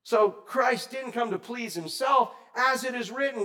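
A man preaching a sermon in a conversational way, quizzing the congregation and swinging between loud and soft. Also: extremely high pitch, unhurried, hardly any pauses. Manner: asks the congregation questions. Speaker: pastor.

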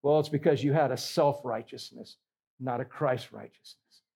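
A man's voice: medium pitch, moderate pace, gravelly, warm tone, breathy edge. A man preaching a sermon in an emphatic, conversational way with rhetorical questions. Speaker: pastor.

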